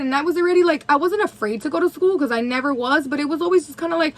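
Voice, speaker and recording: A woman's voice: high-pitched, fast, rough recording. Candid, swearing young woman telling a story. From New Haven, USA. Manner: candid, heavy swearing, lots of "like". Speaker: vlogger. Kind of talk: casual story time while doing makeup.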